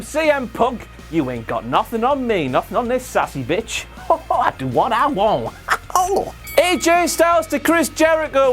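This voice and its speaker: A man's voice: extremely high pitch, big pitch swings, a little slow, faint music behind. A man hosting a comedic wrestling recap, sarcastic and profane, slipping into silly voices. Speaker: host.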